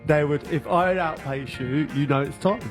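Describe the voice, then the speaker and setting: Relaxed hesitant man in a chat. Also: fairly high pitch, normal speed, music in the background. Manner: relaxed, hesitant, full of ums and you-knows. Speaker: former striker. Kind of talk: casual chat.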